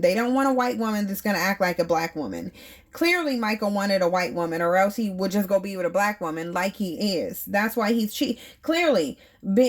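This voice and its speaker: Woman, 30s, outspoken reality TV commentator, emphatic, mid-pitched. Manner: blunt, emphatic, rhetorical questions to viewers. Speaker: reality TV reviewer. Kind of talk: opinionated commentary.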